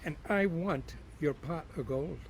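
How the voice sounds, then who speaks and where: A man's voice: on the high side, a little slow, a little hiss or hum. A man voicing a young lad who is stubborn and greedy for gold, spoken firmly and plainly. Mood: insistent.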